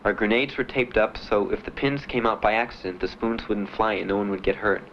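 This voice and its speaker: A young man giving halting, plain spoken testimony as a war veteran, with many pauses and fillers. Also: on the low side. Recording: muffled 1970s archive recording with faint hiss.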